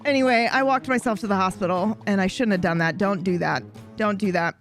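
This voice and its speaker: A young woman streamer telling a story to her live chat, animated and swearing freely, often breaking into laughter. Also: mid-range voice, a little fast, soft background music.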